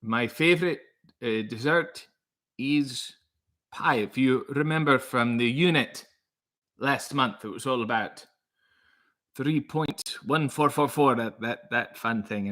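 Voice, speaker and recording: A man putting on a fake Scottish accent to play an angry old male math teacher who tells bad jokes, halting and muttering. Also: medium pitch, pushed and bright. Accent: put-on Scottish accent.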